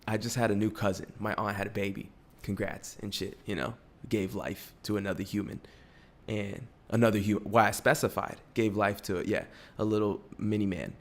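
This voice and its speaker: A man in his twenties hosting a podcast in casual, profane chat. He gets excitable, laughs often and swings between loud bursts and low mutters. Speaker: podcast host.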